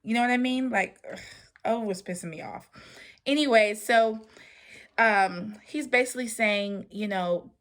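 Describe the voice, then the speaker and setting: A woman's voice: a little high, moderate pace, fairly bright tone. A woman hosting a TV recap vlog in a casual, chatty way, sassy and opinionated, acting out what others said and laughing between remarks. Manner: sassy, opinionated, acts out quotes. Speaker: TV recap vlogger.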